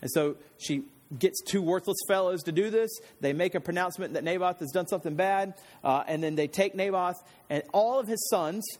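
A man's voice: sits high, fairly quick, a little mellow. A man preaching a casual Bible-teaching sermon, retelling scripture stories in everyday slang like a chatty storyteller. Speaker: pastor.

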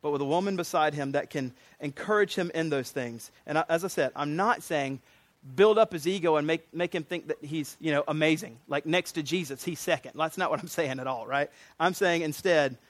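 A man's voice: on the high side, no room sound. Earnest man preaching, dry close sound. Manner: earnest, emphatic, with many restarts and asides. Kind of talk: sermon.

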